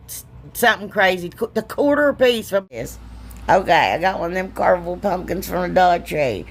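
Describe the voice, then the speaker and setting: A woman's voice: lowish voice, vocal fry. A woman, narrating her own craft video in a chatty, giggly, self-deprecating way. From Ohio, US. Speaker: DIY crafter, channel host. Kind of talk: casual crafting voice-over.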